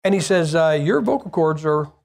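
An older man preaches in an easy, talking-to-you way, and his damaged vocal cords give a breathy edge as each sentence runs out of air. He stumbles and restarts often but keeps a plain, direct manner with his listeners. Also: fairly high pitch, lively intonation, moderate pace, a little mellow. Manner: conversational and plain-spoken, with repeated restarts. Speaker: evangelist preacher. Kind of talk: informal sermon to a group.

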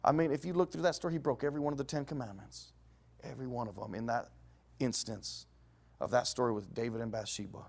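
A middle-aged man preaching a sermon, telling Bible stories with a voice that rises loud and drops to a hush. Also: quick pace, creaky. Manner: lively storytelling preaching, swinging from loud highs to hushed lows.

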